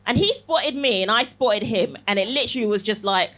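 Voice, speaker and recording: A woman's voice: mid-range voice, animated, fairly quick, fairly bright tone. A young woman doing a chatty, punchy stand-up set on a comedy club stage, tagging jokes with "yeah?" and laughing at her own lines. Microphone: handheld stage mic.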